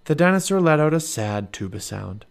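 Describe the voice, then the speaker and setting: Expressive male storybook narrator. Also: on the high side, normal speed, gravelly. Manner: expressive and animated. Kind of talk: storybook read-aloud.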